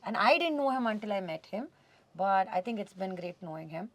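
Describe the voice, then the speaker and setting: A woman from India being interviewed as a guest, talking in an animated, expressive way and slipping Hindi words into her English. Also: mid-range voice, brisk, no echo. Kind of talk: casual conversational interview. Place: radio studio.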